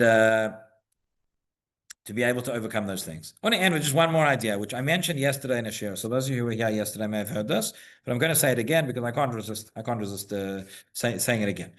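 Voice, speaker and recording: A man's voice: medium pitch, a bit bright. A man teaching the weekly Torah portion to a congregation in a synagogue. He keeps asking rhetorical questions, checks in with "right?", and repeats words as he builds each point.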